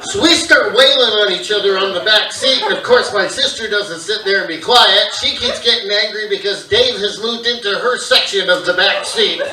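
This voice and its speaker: A man doing stand-up comedy on a theater stage, telling a family story and acting out his relatives. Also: sits high. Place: theater stage with live audience. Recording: echoey theater recording from a distance. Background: audience laughing.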